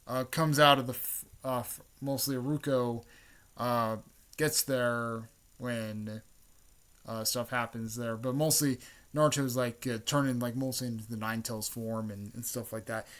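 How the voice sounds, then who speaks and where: Rambling man, halting and full of fillers. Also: medium pitch, steady tone, a bit bright. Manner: halting, filler-heavy, repeats words, clears throat often. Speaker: channel host. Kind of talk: casual rambling story recap.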